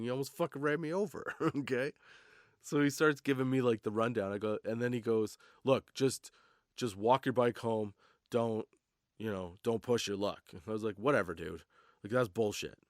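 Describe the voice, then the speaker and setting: A man's voice: mid-range voice, dry recording, studio quality. A young man hosting a comedy podcast, telling a story casually, laughing often and swearing freely. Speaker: podcast host.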